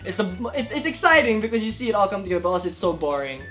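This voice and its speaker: A man in his twenties answering viewer questions to camera, excitable and gushing, with faint music behind. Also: high voice, racing. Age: 20s. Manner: excitable, gushing, lively swings in loudness. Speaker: YouTube creator. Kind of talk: casual Q&A vlog to camera. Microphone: camera in front of him.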